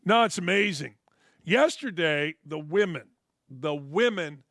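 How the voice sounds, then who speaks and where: A man's voice: sits high, bright, forceful tone, no echo, clean studio sound. A male sports talk show host delivering a blunt, profane, opinionated monologue full of sarcastic asides. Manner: brash, blunt, profane ranting; mocks others with sarcastic put-on quotes.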